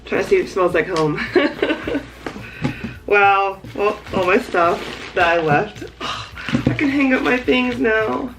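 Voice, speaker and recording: Slow-talking excited woman vlogger. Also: mid-range voice, music in the background, low-quality recording. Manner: excited, gushing, often laughing. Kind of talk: casual vlog unboxing. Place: home.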